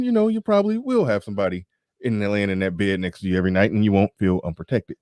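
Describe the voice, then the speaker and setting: A man's voice: fairly low pitch, lively intonation, fast talker, warm tone, dry recording. A man hosting a casual livestream, talking bluntly and profanely with laughs and sarcastic asides while reading viewer super chats. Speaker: livestream show host.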